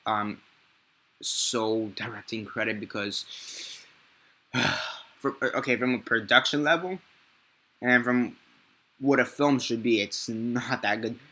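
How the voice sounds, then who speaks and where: A man's voice: mid-range voice, sharp tone. A man giving a casual, unscripted movie review, rambling and swearing freely and often correcting himself mid-sentence. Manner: rambling and profane, with frequent self-corrections.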